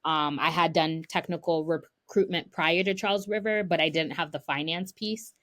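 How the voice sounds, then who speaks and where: Animated young woman telling stories. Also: low voice, normal speed. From United States, of Haitian parents. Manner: animated storyteller, acts out quoted dialogue. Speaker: guest tech sourcer. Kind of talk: casual podcast chat.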